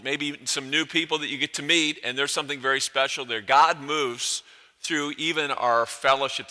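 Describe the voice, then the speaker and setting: A man's voice: medium pitch, bright, forceful tone, clean tone. A man preaching a sermon as pastor, earnest and building emphasis through repeated phrases. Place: church sanctuary. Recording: echoey church hall.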